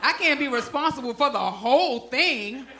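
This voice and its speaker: A woman's voice: sits high, lively intonation, moderate pace, roomy sound, noisy background. A middle-aged woman from Brooklyn, doing a stand-up comedy set with punchy, slangy delivery and asides to the crowd. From Brooklyn, New York. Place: comedy club stage.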